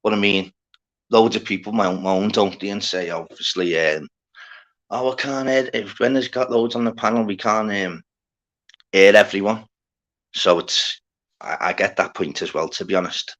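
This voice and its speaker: A man with a fairly low voice hosts a casual livestream, rambling to his viewers. He talks in loose slang, swears freely and keeps greeting people by name from the chat. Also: normal speed, a bit bright. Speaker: livestream host.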